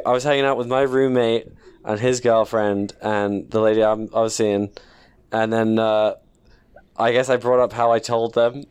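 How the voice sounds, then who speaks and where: A man's voice: on the low side, clean tone. A young man in his twenties, casual chat as podcast co-host, telling rambling self-deprecating stories with many restarts.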